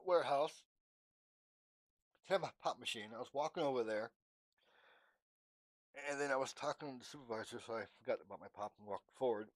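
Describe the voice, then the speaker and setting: Rambling man talking to his camera. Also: mid-range voice. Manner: halting, many fillers and restarts, acts out dialogue. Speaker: vlogger. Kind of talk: casual rambling monologue.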